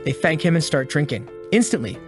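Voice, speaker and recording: A man narrating a scripted story recap in a brisk, plain way. His voice sits slightly high, with soft music under it. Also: big pitch swings. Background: faint music.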